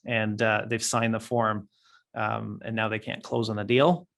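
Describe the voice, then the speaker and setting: A man's voice: on the low side, level tone, unhurried, creaky, a bit bright. A man leading a training session for new real estate agents, talking casually and acting out client conversations with plenty of fillers.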